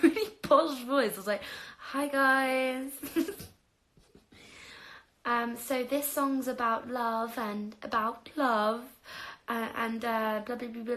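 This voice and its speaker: A young woman talks casually to her viewers on a phone livestream, spinning stories about her own life. She laughs often and swears freely. Her voice sits at a middle pitch with a gravelly, creaky texture. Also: a bit bright.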